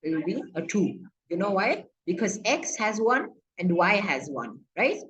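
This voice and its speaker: A woman's voice: mid-range voice, big pitch swings, normal speed, a bit bright, muffled recording, slight background noise. A young woman in a casual screen-recorded math tutorial, chatty and playful, checking in often with the viewer. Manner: chatty, playful, many okays and asides. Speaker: student explaining a lesson.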